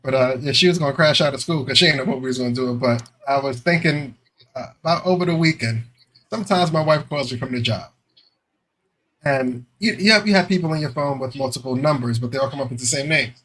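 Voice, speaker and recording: Bright-voiced animated male podcast host. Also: medium pitch, fast. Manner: animated storyteller, acts out voices, swears. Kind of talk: casual chat, storytelling.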